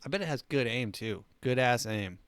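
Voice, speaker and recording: Sarcastic comedy host, male, smooth voice, dry close recording. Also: medium pitch, animated, normal speed, fairly bright tone, no echo. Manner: sarcastic, riffing. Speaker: show host. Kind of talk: comedic news commentary.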